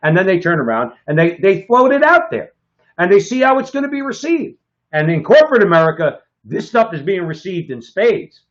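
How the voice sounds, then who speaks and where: A man's voice: high-pitched, big pitch swings, brisk. A man co-hosting a political talk show, speaking emphatically and often adding "okay?" for stress. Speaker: co-host. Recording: slightly dull lo-fi sound.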